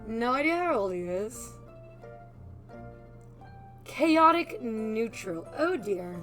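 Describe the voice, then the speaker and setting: A woman giving playful, quick casual commentary while playing a story game. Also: on the high side, very animated, fairly bright tone, soft background music. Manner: playful, giggly, quick asides. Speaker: game streamer.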